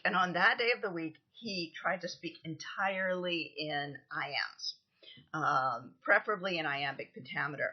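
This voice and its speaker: Woman lecturing, husky lowish voice, kinda muffled lo-fi recording, lots of ums. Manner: explanatory, counts out stresses, frequent ums. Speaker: literature lecturer.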